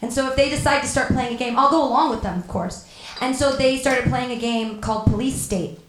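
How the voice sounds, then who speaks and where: A woman performing a stand-up comedy set, deadpan with sudden loud outbursts. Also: on the high side, a little fast, roomy sound, slight background noise.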